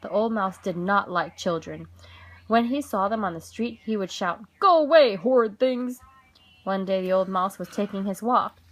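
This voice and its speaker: A mother reading children's stories aloud at bedtime, gentle and expressive, with a rhythmic delivery. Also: mid-range voice, normal speed.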